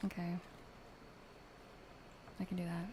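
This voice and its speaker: A young woman reading tarot gently in a whispered role-play, soft and halting with many fillers. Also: lowish voice, completely flat delivery, a little hiss or hum, rough recording. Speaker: ASMR streamer reading tarot.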